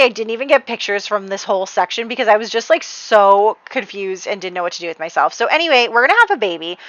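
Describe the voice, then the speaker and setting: A woman giving casual voice-over commentary on her game, chatty and animated, often laughing. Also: medium pitch, smooth, no room sound, poor audio. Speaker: gameplay narrator.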